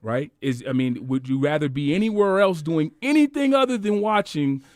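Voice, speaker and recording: A man's voice: fairly high pitch, lively intonation, moderate pace, a little mellow, no echo. A man co-hosting a sports radio show, chatting and telling stories in a studio. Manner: chatty, tells stories and jokes. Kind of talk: casual sports radio chat. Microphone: studio microphone.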